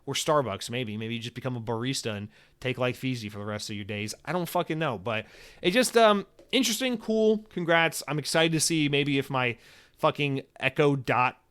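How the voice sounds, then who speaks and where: A young man hosts his own gaming podcast, talking in a loose, rambling rant. He is sarcastic and profane, and he slips into quick put-on voices when he quotes people. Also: mid-range voice, fairly bright tone. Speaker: podcast host. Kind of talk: solo podcast commentary.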